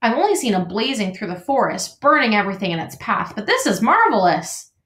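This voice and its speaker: A woman's voice: mid-range voice, big pitch swings, a little fast, fairly bright tone. A woman voicing a friendly, talkative male beaver builder with a folksy manner, in an echoey room. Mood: surprised.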